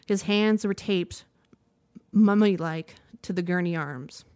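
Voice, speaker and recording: A woman reading a news report aloud in a measured, steady way, now and then stopping to correct a word. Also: on the low side, clear, resonant tone. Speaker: news reader.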